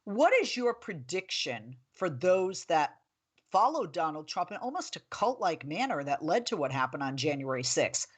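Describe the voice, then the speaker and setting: A woman in her forties hosts a political talk show. Her voice sits fairly low, and she chats in a lively, storytelling way, with quick asides. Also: slightly rough. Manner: chatty, animated storytelling with laughs.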